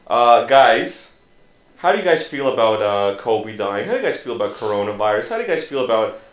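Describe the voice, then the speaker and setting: A man's voice: lowish voice, big pitch swings, fairly quick, echoey room. A man hosting a casual podcast, joking and rambling with plenty of fillers. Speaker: podcast host. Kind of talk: casual crude banter.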